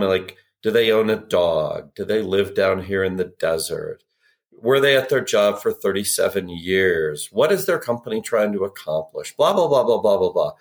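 A man talking as a sales expert on a podcast, telling anecdotes and acting out quoted dialogue with energy. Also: lowish voice. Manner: animated storyteller, acts out quotes. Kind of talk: podcast conversation.

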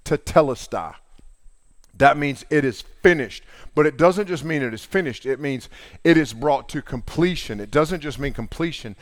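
A man's voice: on the high side, moderate pace, dry recording, studio quality. A middle-aged man preaching a sermon in a casual, earnest way, retelling scripture in everyday talk. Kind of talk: conversational sermon.

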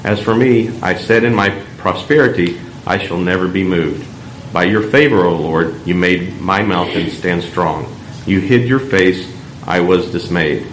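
Man, lector reading scripture in a solemn, measured voice; lowish pitch, roomy church echo, faint hum. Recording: echoey church room, faint background hum.

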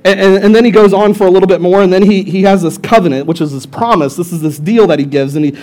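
An animated young male pastor with a notably high-pitched voice delivers a casual, joking sermon. He tells the story in lively bursts and wanders into quick side remarks. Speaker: lead pastor.

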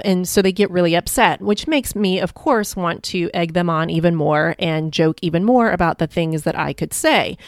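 A woman's voice: fairly low pitch, normal speed, hardly any pauses, no echo, clean studio sound. A woman hosting her own podcast as a life coach, telling stories in a chatty, upbeat way. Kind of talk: casual solo podcast monologue.

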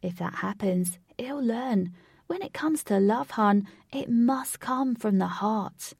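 A woman reading aloud, voicing an upbeat, energetic young man in a storybook. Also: on the high side, slow, vocal fry, slightly rough, no room sound, studio quality, full character voice. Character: cheerful young adult man, energetic rocker fan.

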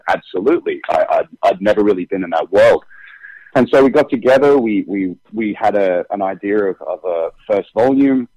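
A man's voice: fairly low pitch, a little mellow, dry recording, low-quality recording. A young adult man with an Australian accent, chatting as an interview guest, with frequent restarts and fillers. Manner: halting, many restarts and fillers. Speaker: actor and comic creator, guest. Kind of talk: casual interview chat.

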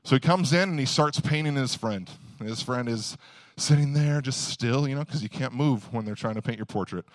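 A man's voice: mid-range voice, no echo, clean studio sound. A young man, preaching a casual, conversational sermon, telling stories and pushing hard on key points. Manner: conversational, storytelling, quick bursts of emphasis.

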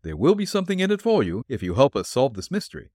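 A man voicing a shrewd, courteous detective who speaks calmly, firmly and politely, read for a storybook. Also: medium pitch, fast, no room sound, studio quality, voice pushed up. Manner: calm, firm and polite.

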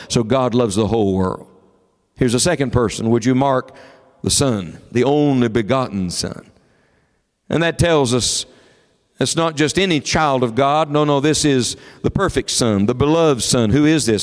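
A man preaching a sermon in a sanctuary, his somewhat high voice carrying long reverb off the walls. He swings from rising, emphatic declarations to quiet, close storytelling. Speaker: pastor.

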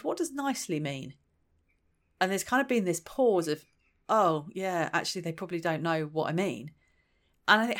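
A woman with a voice on the low side gives a chatty, reflective solo talk as a parenting practitioner. She thinks aloud and acts out quoted lines as she goes.

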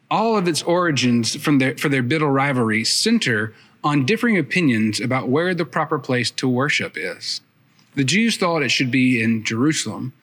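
A man's voice: medium pitch, a bit bright. A man preaching a sermon, retelling the story conversationally with casual asides.

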